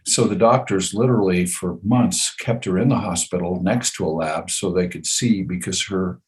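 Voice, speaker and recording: A man in his seventies, a guest in a conversation, telling a personal story with lively repetition and frequent chuckles. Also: sits low, moderate pace. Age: 70s. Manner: animated, chuckles often, repeats phrases for effect.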